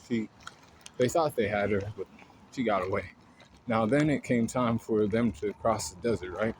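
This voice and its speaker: A man's voice: fairly low pitch, normal speed, a little hiss or hum. A man casually retelling a story in a loose, rambling way, full of fillers and swearing.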